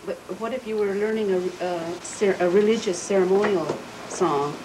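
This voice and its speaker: A woman interviewer asks careful questions and rephrases them as she goes. Her voice sits at a medium pitch, with noticeable hiss throughout the recording. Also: normal speed. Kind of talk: archival interview.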